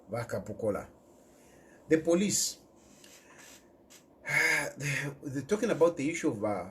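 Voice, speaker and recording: A Zambian man giving emphatic political commentary, repeating his key points and dropping in local words. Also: medium pitch. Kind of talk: impassioned direct-to-camera commentary.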